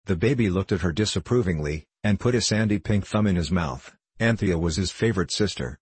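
A man narrating a children's storybook as an audiobook, in a steady reading manner. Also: sits low, fairly quick, slightly rough, no room sound.

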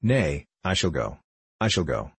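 A man's voice: very deep voice, very animated, a little slow, gravelly, breathy edge, no echo, exaggerated voice. A man reading the part of an earnest, pure-minded young clerk. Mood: hurried.

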